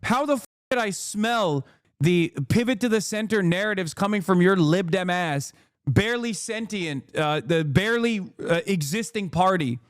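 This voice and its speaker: An American man with a fairly high voice rants sarcastically through live political commentary. His swearing talk is quick and biting, recorded close and very dry. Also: animated, dry recording. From United States. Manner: sarcastic, fast, profane ranting.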